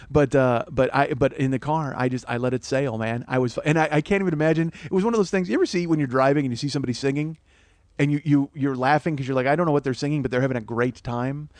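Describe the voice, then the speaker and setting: Male podcast host, comic rambling monologue, sharp self-mockery, dry close mic. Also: a little high, no room sound. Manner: rambling, profane, self-mocking rant. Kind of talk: comedic storytelling monologue.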